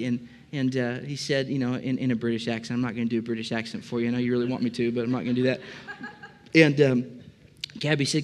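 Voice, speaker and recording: A male pastor delivers a conversational sermon with a mid-pitched voice. He speaks plainly and rambles a little, with frequent "uh" fillers and friendly asides to the people in front of him. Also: level tone, quick pace. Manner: conversational, many filler "uh"s, addresses congregation directly.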